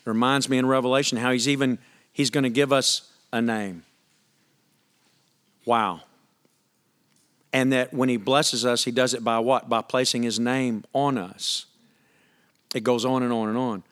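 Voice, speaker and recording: A pastor preaching a sermon, reading scripture aloud and asking the congregation questions in a conversational, emphatic way. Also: male voice, medium pitch, steady tone, a little slow, pauses often, a bit bright, smooth.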